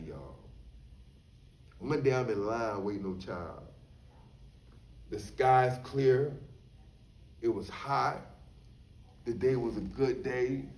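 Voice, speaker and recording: A man telling a story from his time in prison in a casual, animated way, often checking in with his listeners. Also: mid-range voice. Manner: animated, addresses listeners as y'all, frequent "you know what I'm saying". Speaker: storyteller recounting prison life. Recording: echoey room, voice somewhat far from the mic.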